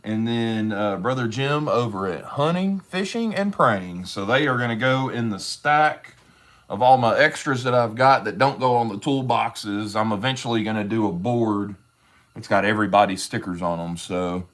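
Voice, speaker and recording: A man with a lowish voice and a drawl, talking through his leather work on a live stream. He rambles along, folksy and easygoing, and calls his viewers brother as he goes. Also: normal speed, fairly bright tone. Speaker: leatherworking livestream host. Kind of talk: casual livestream chat while crafting.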